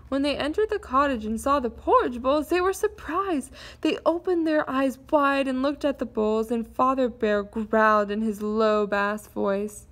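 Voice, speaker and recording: A woman reading a children's fairy tale aloud in an expressive storytelling manner. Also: a little high.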